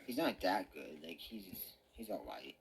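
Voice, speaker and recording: A man's voice: low-pitched, big pitch swings, unhurried, creaky, rough recording. A young man chatting casually with a friend, hesitantly listing his favorite characters. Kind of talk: casual fan chat.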